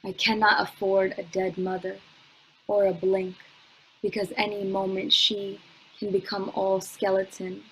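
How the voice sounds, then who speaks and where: Young woman, spoken word poet, slow measured lines, flat steady pitch, computer mic at home. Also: a little hiss or hum, low-quality recording. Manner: slow, measured delivery with long pauses, chatty with fillers between poems. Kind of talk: spoken word poetry reading. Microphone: computer mic on a video call.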